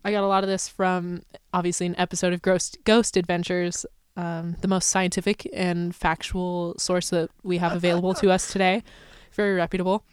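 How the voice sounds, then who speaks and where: A woman's voice: fairly low pitch, flat delivery, fairly quick, hardly any pauses, smooth, no room sound. A woman co-hosting a podcast in casual chat, playful and sarcastic, often laughing. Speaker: podcast co-host.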